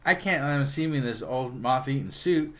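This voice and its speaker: Guy doing a high squeaky teen girl, sweet and prim, kinda innocent. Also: lively intonation, brisk, fairly bright tone, natural voice.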